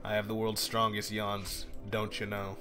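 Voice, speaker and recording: A man's voice: lowish voice, moderate pace, over music. A man streaming while he works, chatting casually and joking with a friend. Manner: joking, animated, trails off while focused. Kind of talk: casual chat while working.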